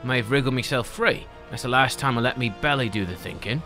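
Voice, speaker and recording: A man's voice: mid-range voice, fast talker, bright, forceful tone, faint music behind. A man voicing a jovial, slangy male rogue guildmaster in a video game reading, with a hearty, theatrical delivery.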